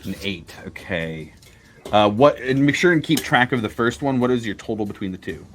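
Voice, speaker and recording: A man's voice: medium pitch, expressive, normal speed, fairly bright tone, faint music behind. A man narrating as game master of a tabletop game, hesitant and full of fillers.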